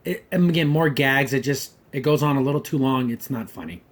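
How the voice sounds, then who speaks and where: A man's voice: medium pitch, a little fast. A man hosting a podcast, giving a casual, rambling and wry review of a cartoon episode. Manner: rambling, hedges often with "kinda" and "like"; wry and critical.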